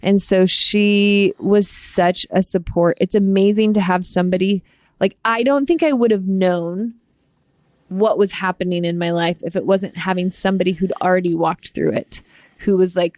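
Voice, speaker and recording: Low-voiced earnest woman on a podcast. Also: fairly even intonation, moderate pace, darkish tone, dry recording, clean studio sound. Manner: earnest, emotional, rambling with restarts. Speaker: podcast co-host. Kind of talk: heartfelt podcast conversation.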